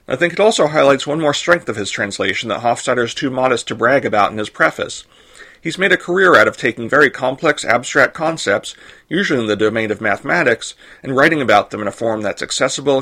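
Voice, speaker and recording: Man, podcast host, scripted narration, measured delivery, husky tone. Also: mid-range voice, pushed and bright.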